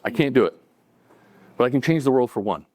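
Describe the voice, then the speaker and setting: Male storyteller, mid-pitched and casual, recorded close and dry on a cafe stage. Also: animated, brisk, no room sound. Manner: conversational, acting out dialogue, chuckling between lines. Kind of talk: live storytelling to an audience.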